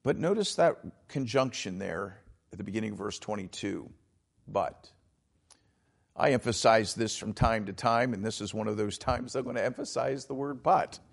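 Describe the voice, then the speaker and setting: A man's voice: lowish voice, normal speed, gravelly. A man preaching a sermon as pastor, explaining scripture with emphatic, dramatized quotes.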